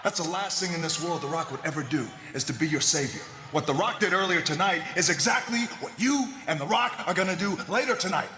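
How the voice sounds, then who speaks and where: A man's voice: a little high, lively intonation, fast talker, few pauses, bright, forceful tone, faint music behind. A man doing a brash boastful wrestling showman. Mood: mocking. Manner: boastful, mocking, talks about himself in the third person. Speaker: wrestler in an archive backstage segment. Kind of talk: wrestling promo. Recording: archive TV clip, roomy with background noise.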